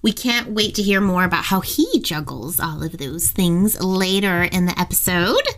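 A woman co-hosting a casual podcast, enthusiastic and quick to laugh. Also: on the low side. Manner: giggly, enthusiastic, exclamatory. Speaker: podcast co-host.

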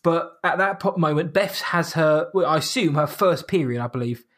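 Chatty man with a higher voice. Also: expressive, moderate pace, a bit bright. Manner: rambling, chatty, with frequent restarts. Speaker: podcast co-host reviewing a horror film. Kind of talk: casual chat.

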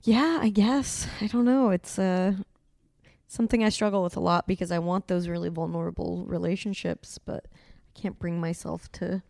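A woman's voice: lowish voice, steady tone, normal speed, creaky, darkish tone, no room sound, clean studio sound. A woman talking hesitantly and openly about her struggles in a candid conversation.

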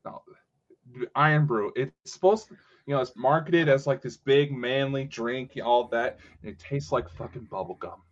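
A man's voice: medium pitch, normal speed, muffled recording. A man co-hosting a podcast, chatting in a laid-back, teasing way with some swearing. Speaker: podcast co-host. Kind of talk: casual chat.

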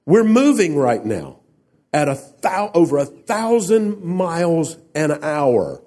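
Slow, mellow-voiced male preacher. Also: on the high side. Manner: emphatic, rhetorical questions to the congregation. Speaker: pastor. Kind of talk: sermon.

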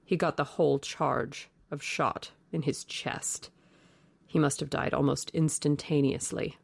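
Woman voicing a suave aristocrat, storybook reading, measured, dry close mic. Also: sits low, fairly even intonation, creaky, husky, no echo, pitched below the performer's own voice, full character voice. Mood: sober. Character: suave older male aristocrat, cool and worldly.

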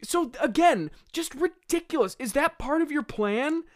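A man's voice: extremely high pitch, animated, measured pace. A young man giving comedic commentary on his old script, incredulous, laughing and rambling. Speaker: host.

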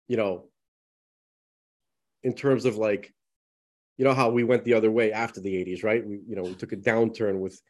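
A man's voice: lowish voice, darkish tone. A man co-hosting a casual podcast chat, rambling and emphatic, with a slight lisp, talking to the listeners as folks. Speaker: podcast co-host.

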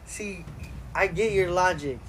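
A man's voice: high-pitched, unhurried. Teasing young man refereeing a quarrel. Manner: interjects, probing and teasing, refereeing. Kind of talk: casual banter. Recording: crowd noise behind.

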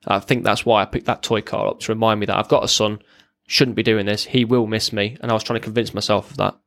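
A man, a former serviceman, telling his own story as a podcast guest in a halting, plain-spoken way. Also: on the low side, steady tone, creaky, fairly bright tone. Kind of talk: candid personal storytelling.

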